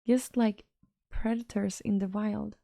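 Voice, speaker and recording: A woman's voice: medium pitch, fairly even intonation, unhurried, vocal fry, dark tone, dry recording, clean studio sound. A woman streamer, chatting casually and reacting to messages from her chat.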